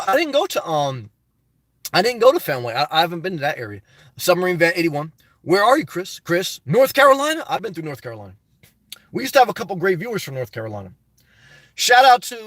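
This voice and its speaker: A man's voice: sits high, a bit bright, no echo, clean studio sound. A man hosting a casual livestream, reading viewer comments aloud and riffing on them in a chatty way. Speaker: YouTube channel host reading live chat.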